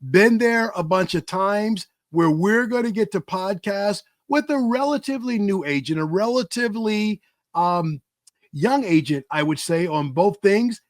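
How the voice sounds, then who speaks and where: A man's voice: sits high, animated, unhurried, dry recording, clean studio sound. A man hosting a podcast with an enthusiastic, hype-style delivery. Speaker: podcast host.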